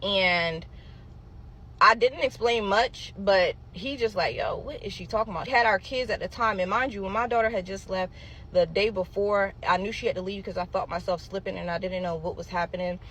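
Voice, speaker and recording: A woman recounting a personal ordeal in a casual storytime monologue at a middling pitch. She speaks emphatically and keeps turning to address her viewers directly. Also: moderate pace, fairly bright tone, a little hiss or hum. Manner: emphatic, talks straight to viewers.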